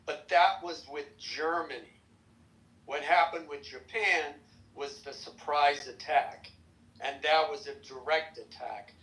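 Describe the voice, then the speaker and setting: A man in a political podcast discussion, measured and correcting a point. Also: on the high side, sharp tone, roomy sound, poor audio.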